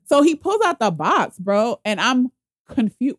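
Animated slangy woman telling a story. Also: medium pitch, brisk. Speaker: guest telling her proposal story. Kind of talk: casual podcast chat.

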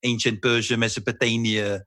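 A man's voice: mid-range voice, level tone, normal speed, bright, forceful tone, dry recording. A male actor guest who chats in a rambling, self-deprecating way and laughs easily. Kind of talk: casual interview chat.

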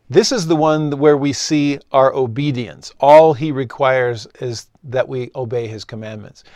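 A man's voice: on the high side, no echo, clean studio sound. A man giving an earnest scripture lesson, explaining a point and acting out short exchanges with God. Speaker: religious teacher.

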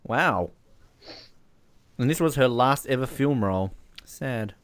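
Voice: mid-range voice, animated, takes it slowly, no echo. A podcast co-host in casual movie chat, enthusiastic and laughing often.

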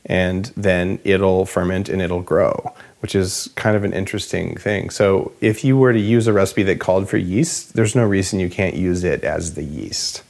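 A man hosting a health interview, talking in a relaxed, rambling, jokey way. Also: low-pitched, vocal fry. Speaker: podcast host. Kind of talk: casual interview chat.

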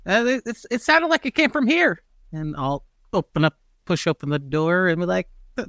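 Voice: medium pitch, lively intonation, normal speed, a bit bright, no room sound, clean studio sound. A tabletop player who stammers and argues stubbornly in character. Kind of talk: casual tabletop play, partly in character.

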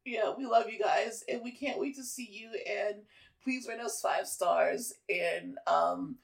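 A woman's voice: medium pitch, measured pace, gravelly. A woman co-hosting a podcast, sassy and playful in casual chat. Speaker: podcast co-host.

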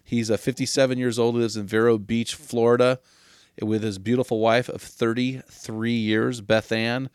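A man's voice: mid-range voice, flat delivery, a little mellow, smooth, no echo, clean studio sound. A man from Oregon hosting a podcast, upbeat and joking, introducing a guest in casual chat. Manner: upbeat, jokey, quick asides. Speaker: podcast host.

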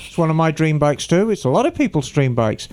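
Man, podcast co-host, high voice, smooth and clear, casual chat, wry asides. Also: sing-song, fairly quick, darkish tone. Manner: reads listener emails aloud, wry asides.

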